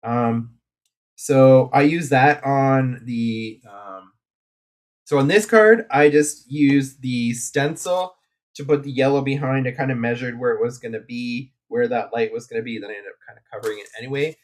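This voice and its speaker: Casting male craft streamer, mid-pitched, rambling and chatty, casual live talk. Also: normal speed. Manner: rambling and chatty, with many fillers and asides.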